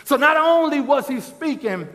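A pastor preaching a sermon, with constant "uh, uh" restarts and bursts of shouted emphasis. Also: male voice, extremely high pitch, lively intonation, moderate pace. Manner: stammering restarts, strings of "uh, uh, uh". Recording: long hall reverb.

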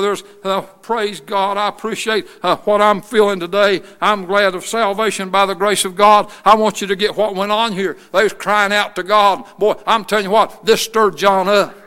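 An older male pastor preaches with fervour, his voice high-pitched and strikingly bright. He reads scripture aloud and climbs into ringing shouts of praise. The tone stays smooth and clear. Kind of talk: sermon.

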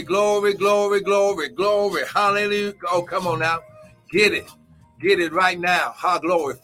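A fervent male pastor leads live morning prayer with shouted exclamations and bursts of tongues. His voice sits a little high and has a bright, forceful edge. Faint music plays behind him. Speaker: pastor and prophet.

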